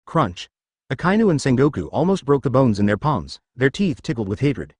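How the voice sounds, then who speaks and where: A man reading a fan story aloud as narrator, in an even, stiff delivery. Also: mid-range voice, normal speed, husky, no room sound, studio quality.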